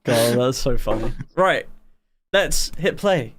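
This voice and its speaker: A man's voice: mid-range voice, animated, slow pace. An English man hosting a live music stream, chatting casually, rambling with fillers and laughing often. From England.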